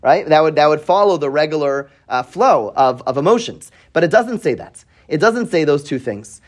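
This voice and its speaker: A man's voice: on the high side, expressive, normal speed. A man teaching a weekly Bible class to students in a classroom. He reads Hebrew verses and translates them, asks questions, often adds "right?", and repeats words as he thinks aloud. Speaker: Torah teacher.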